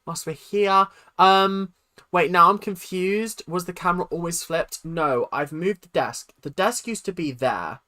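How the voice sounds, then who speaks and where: A young British woman hosts a live-streamed awards show, chatting casually with viewers and reacting with drama. Her voice is lowish and sharp, and she talks a little slowly.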